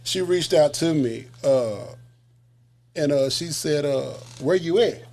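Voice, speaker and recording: A man, chatting as an interview guest and telling stories in a loose, animated way, dropping "man" into nearly every line. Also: a little high, slow pace. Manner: animated storytelling, says man a lot. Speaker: musician guest. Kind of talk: casual interview chat.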